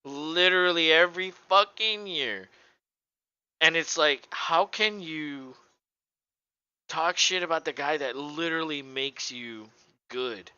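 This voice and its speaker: A man's voice: on the high side, slow pace, pauses often, clean tone, no room sound, muffled recording. A man co-hosting a sports podcast, ranting casually with lots of swearing and mocking impressions. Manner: animated, profane ranting with mocking voices. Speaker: podcast co-host.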